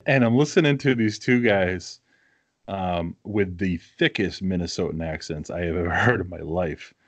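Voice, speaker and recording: A man with a New England accent chats casually on a podcast, blunt and teasing, and he swears freely. His voice sits fairly low. The recording is dry and close. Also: moderate pace, breathy edge, no echo, muffled recording. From Massachusetts, New England. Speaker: podcast co-host. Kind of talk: casual chat.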